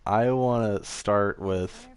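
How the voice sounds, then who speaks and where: A man's voice: fairly low pitch, fairly even intonation, slow pace, smooth, no room sound. A young man co-hosting a podcast in casual chat, teasing his friend and laughing often. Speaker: podcast co-host.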